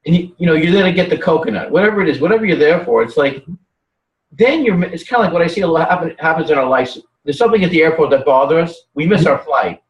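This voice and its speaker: Animated rambling man, distant and roomy. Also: fairly high pitch, fast, highs cut off. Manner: rambling, animated storytelling with many restarts. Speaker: guest. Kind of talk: casual conversational chat.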